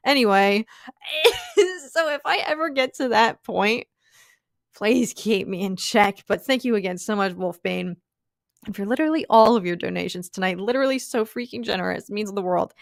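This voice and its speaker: A woman's voice: mid-range voice, moderate pace, creaky, no echo, studio quality. A young woman hosting a casual live stream, gushing and laughing often as she thanks viewers and rambles with fillers. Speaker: livestream host.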